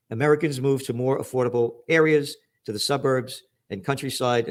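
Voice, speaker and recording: Angry profane man ranting over headlines. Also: fairly high pitch. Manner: angry, profane, sarcastic, swings between shouting and muttering. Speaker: trends forecaster reading and commenting on headlines. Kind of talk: ranting news commentary.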